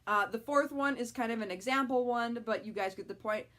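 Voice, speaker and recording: A woman's voice: fairly high pitch, fairly quick, fairly bright tone. A young adult woman talking frankly to camera in a casual vlog, with lots of fillers. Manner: frank, chatty, many fillers. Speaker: vlogger.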